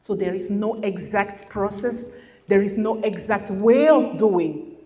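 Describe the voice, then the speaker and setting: A woman's voice: medium pitch, measured pace, dark tone. A woman leading a masterclass, speaking candidly and emotionally to an audience, often repeating phrases for emphasis. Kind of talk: emotional personal talk to an audience. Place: hotel event room. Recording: long hall reverb.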